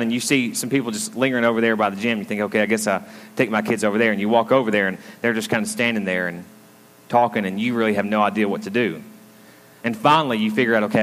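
A pastor with a medium-pitched, slightly bright voice delivers a conversational sermon, telling a story and drawing the congregation in with frequent asides. He's in a school auditorium used as a church, and the recording has long hall reverb.

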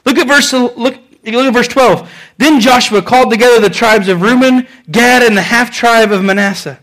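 A man preaching a sermon, reading scripture aloud and swinging between loud emphatic lines and quiet ones, often repeating phrases for emphasis. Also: very high voice, moderate pace. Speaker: pastor.

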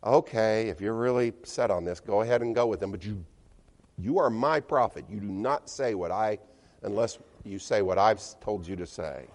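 Stern God, male, firm lowered delivery, a preacher speaking as him, echoing hall. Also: moderate pace, a little mellow, lightly acted. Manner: firm, lowered, matter-of-fact voice. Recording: long church-hall reverb.

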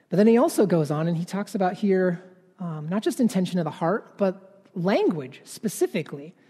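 A man's voice: high voice, sing-song, normal speed, long pauses, mellow, slightly rough. A man in his thirties preaching a sermon, talking conversationally and often asking "right?". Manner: conversational, keeps adding "right?". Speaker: pastor. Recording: long reverb of a large hall.

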